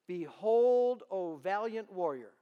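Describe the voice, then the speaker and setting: A man voicing a male angel messenger who proclaims his words slowly and solemnly. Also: high-pitched, animated, big-room sound, dull audio. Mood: proclaiming. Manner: slow, proclaiming.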